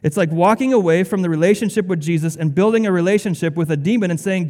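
A man's voice: sits high, fast, hardly any pauses, darkish tone. Man preaching in a reverberant hall. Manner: conversational, with sarcastic asides. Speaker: pastor. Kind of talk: sermon.

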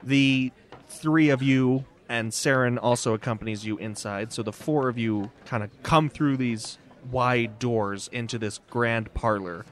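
A man's voice: mid-range voice, steady tone, unhurried. A man narrating a tabletop game as game master, casual and rambling. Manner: casual, rambling, with fillers and laughs.

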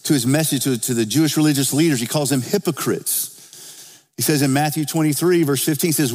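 A man's voice: fairly high pitch, a little fast, a little mellow, big-room sound. A man preaching a sermon as pastor, talking to the congregation in a conversational way and lifting his voice when he reads scripture. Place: church sanctuary.

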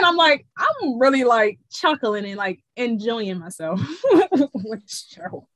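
A woman chatting as a co-host, agreeable and quick to laugh. Her voice sits a bit high and swoops widely, recorded dry and close. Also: no room sound. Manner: agreeable, lively, laughs often. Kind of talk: casual chat.

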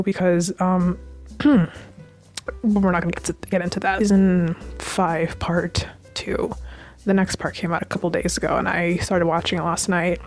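A woman's voice: medium pitch, darkish tone. A young woman hosting a podcast in casual chat, rambling and gushing with lots of fillers, on a home mic. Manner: chatty and rambling, with many fillers and gushing asides. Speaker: podcast host recapping a TV series.

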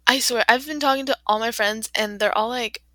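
A woman's voice: a little high, brisk, a bit bright, no echo. A teenage girl co-hosting a podcast, talking casually and chattily with lots of "like" and frequent laughter. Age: teens. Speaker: podcast co-host. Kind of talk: casual chat.

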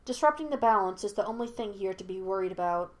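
Stern old male spirit, cool and lecturing, read by a woman. Measured, disapproving delivery for a storybook audiobook. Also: mid-range voice, animated, close to an everyday voice.

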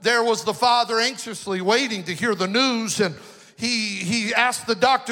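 A man's voice: high voice, normal speed, sharp tone. A man from the western United States, a pastor, preaching a personal, emotional story with sing-song swells in his delivery. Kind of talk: storytelling sermon. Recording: long hall reverb.

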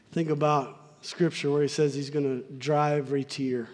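A man preaches with fervor, repeating key lines to drive them home. His voice sits high for a man. A long reverb from the sanctuary trails each phrase. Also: steady tone, moderate pace, few pauses, a little mellow, slight background noise. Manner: fervent, repeats lines for emphasis. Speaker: pastor. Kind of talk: sermon. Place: church sanctuary.

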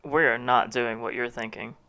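A man's voice: mid-range voice, fairly even intonation, unhurried, bright, forceful tone. A young man co-hosting a casual podcast, teasing his friend with dry comebacks. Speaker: podcast co-host.

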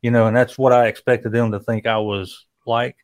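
A man with a Southern US accent, slow-talking and joking in casual podcast chat. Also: medium pitch, flat delivery. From American South. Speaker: podcast co-host.

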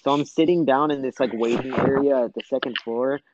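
Young guy rambling thru a story, likes and ums everywhere, mid pitch, kinda dull sound. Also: fairly even intonation, brisk, darkish tone, slight background noise. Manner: rambling with many fillers and swearing. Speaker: storyteller in group chat. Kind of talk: casual storytelling.

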